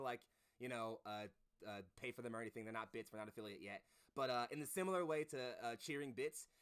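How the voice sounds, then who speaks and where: A man co-hosting a tabletop roleplay stream, chatty and effusive with viewers. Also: medium pitch. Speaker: co-host and player. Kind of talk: casual stream chat.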